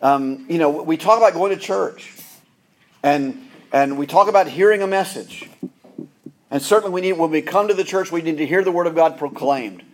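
A man's voice: on the high side, normal speed. A middle-aged pastor preaching a sermon, earnest, often repeating words as he restarts phrases.

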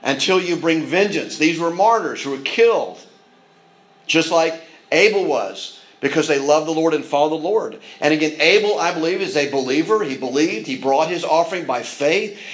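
A man's voice: fairly high pitch, normal speed, low-quality recording. A man preaching a sermon in an earnest manner, with frequent restarts and asides. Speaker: pastor.

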